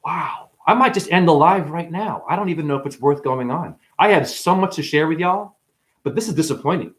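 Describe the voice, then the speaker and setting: Livestream host, man, high voice with big swings; impassioned, defensive, then conciliatory. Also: expressive, fairly quick, a bit bright. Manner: passionate, defensive, swinging between agitated and conciliatory. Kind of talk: heated livestream chat reading comments.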